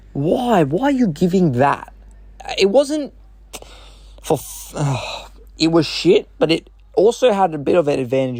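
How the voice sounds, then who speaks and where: A man's voice: a little high, creaky, a little mellow, no echo. Exasperated man ranting about a game. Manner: exasperated, swearing, blunt; rambling with restarts and sighs. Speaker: gaming commentator. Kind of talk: unscripted rant.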